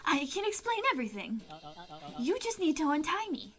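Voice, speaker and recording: A woman voicing a sly, smooth-talking older man who coaxes and reassures. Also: high voice, very animated, moderate pace, fairly bright tone, soft background music. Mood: coaxing. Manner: coaxing, reassuring.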